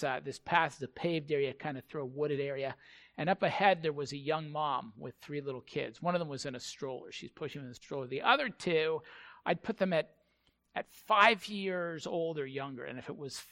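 Male pastor preaching, halting and repetitive, bright tone, slightly high voice. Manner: halting storytelling, repeats words. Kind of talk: sermon.

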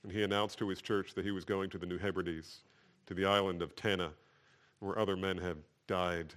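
A man's voice: deep voice, fairly even intonation, brisk, fairly bright tone, smooth. A male pastor gives a morning sermon. He reads verses aloud with building fervor and drops into a plain, conversational tone to explain them.

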